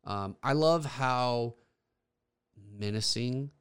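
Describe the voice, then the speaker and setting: A man's voice: medium pitch, extremely slow, clean tone. A young man co-hosting a podcast in casual, enthusiastic chat, rambling with fillers and restarts. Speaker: podcast co-host.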